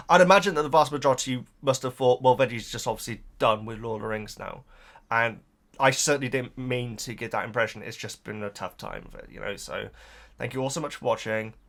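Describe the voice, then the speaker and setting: A YouTube reaction host talks casually to camera in a medium-pitched, fairly bright voice. He's emotional and nearly in tears, and his speech rambles with hesitation, fillers and repeated words.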